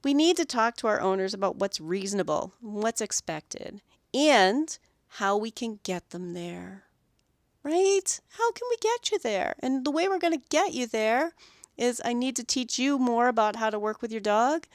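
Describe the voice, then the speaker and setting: A woman hosting a podcast about dog grooming, telling animated stories about her week and acting out the owners and dogs. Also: on the high side, no room sound, clean studio sound. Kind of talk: solo podcast monologue.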